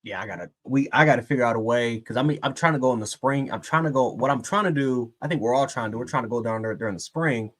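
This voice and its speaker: Fast-talking man who rambles. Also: mid-range voice, fairly bright tone. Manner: rambling, lots of restarts. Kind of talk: casual chat.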